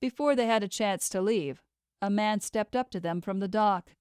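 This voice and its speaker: A woman narrating a novel in a steady, measured audiobook read. Her pitch sits in the middle. The close studio mic gives a dry sound. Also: clear, resonant tone, no room sound. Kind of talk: scripted narration.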